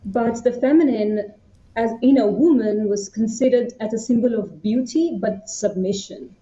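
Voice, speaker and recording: Interview guest: young woman from India, mellow, hesitant storyteller. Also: on the high side, moderate pace. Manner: reflective, with hesitations. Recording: roomy, slightly muffled.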